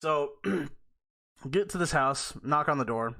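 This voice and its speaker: A man's voice: a little high, animated, slow pace, creaky, bright, forceful tone. A man hosting a podcast, telling a rambling, profane story in casual talk and often laughing mid-sentence. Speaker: podcast host.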